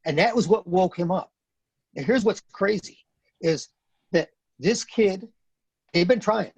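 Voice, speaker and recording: A man's voice: sits high, expressive, a little slow, gravelly, darkish tone, husky, no echo, low-quality recording. A man in his fifties, a retired Marine, telling a story as a podcast guest in a blunt, earnest way and repeating phrases for emphasis. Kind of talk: casual storytelling in a podcast interview.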